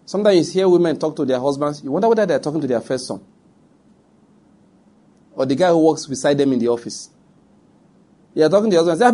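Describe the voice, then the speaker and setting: Nigerian man, middle-aged, preaching, emphatic, husky, mellow tone, repeats himself for stress. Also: on the high side, lively intonation, fast, pauses often. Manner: emphatic, repeats points, addresses audience directly. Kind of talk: sermon.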